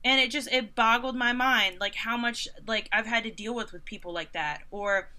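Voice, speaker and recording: A woman in her thirties tells stories from her work as a concert photographer in a relaxed interview. Her voice is bright and sits fairly high, and she slips into sarcastic, mocking voices when she quotes people. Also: moderate pace. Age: 30s. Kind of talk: casual interview storytelling.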